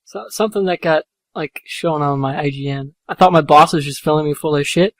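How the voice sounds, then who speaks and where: A man's voice: a little high, brisk, no room sound. A young man with a slightly raised voice chats casually and swears freely. The sound is close and dry. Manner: loose, joking, profane. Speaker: podcast co-host. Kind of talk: casual group chat.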